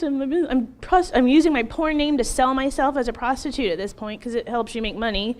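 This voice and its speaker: A woman's voice: sits high, fairly quick. Earnest woman telling her testimony. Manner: earnest, animated, laughs between lines. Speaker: interview guest sharing her testimony. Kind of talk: emotional personal testimony.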